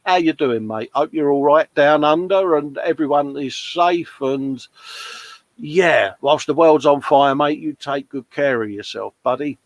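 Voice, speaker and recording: A man's voice: on the high side, measured pace, no room sound. A man hosting a casual livestream, reading out viewers' comments with chatty, matey banter. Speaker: livestream host.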